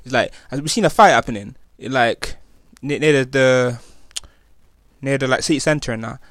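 A young man from England with a Nottingham accent talks in loose street slang, full of fillers and restarts. His voice sits at an ordinary middle pitch. The recording is dry and close. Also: moderate pace, fairly bright tone, dry recording. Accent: Nottingham, East Midlands English. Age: young adult. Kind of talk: casual personal testimony.

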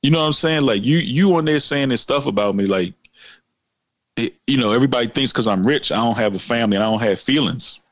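A man's voice: medium pitch, quick pace, dry recording. A man co-hosting a casual chat, talking emphatically with lots of "like" and "man". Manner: animated, emphatic, heavy use of fillers like "man" and "like". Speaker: podcast co-host.

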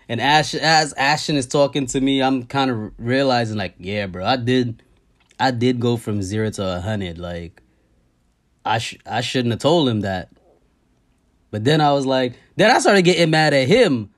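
A man tells a story on a podcast in a casual, animated and profane way, often repeating himself. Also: mid-range voice, a little slow. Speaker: podcast host.

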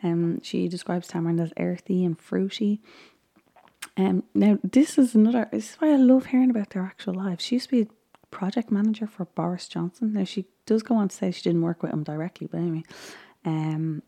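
A woman talks in a loose, rambling vlog chat, full of ums and small laughs. Her voice sits a little low and sounds very dark and mellow, with a gravelly fry running through it. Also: a little fast. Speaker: vlogger recapping a baking show. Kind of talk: casual chat.

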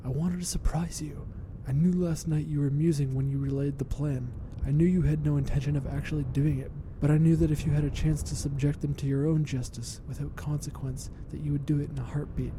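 A man voicing a scheming, murderous young duchess in a hushed, conspiratorial way that sometimes turns to a hiss. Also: steady tone, a little fast, few pauses, lightly acted, rough recording. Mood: fervent. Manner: hushed, conspiratorial, hissing at times. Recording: rumbling background noise.

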